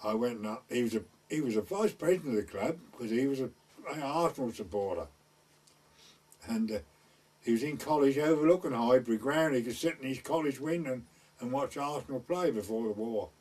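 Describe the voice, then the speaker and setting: Recorded from a distance, this older man tells village tales in a rambling oral-history style, voicing those he quotes. He's from East Anglia, England, with a North Essex / West Suffolk border accent, and his medium-pitched, slightly mellow voice is lively in intonation and a little fast.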